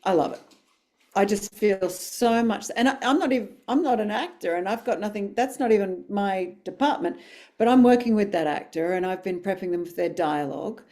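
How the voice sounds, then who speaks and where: A woman's voice: medium pitch, normal speed, a little mellow. A woman, a dialogue coach speaking on a webinar panel over a video call, effusive and emphatic.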